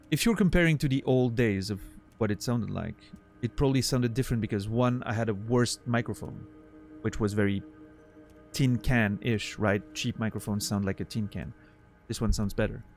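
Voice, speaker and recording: A man's voice: on the low side, moderate pace, faint music behind. A man streaming live, chatting casually with his viewers and thanking them, on a studio condenser microphone.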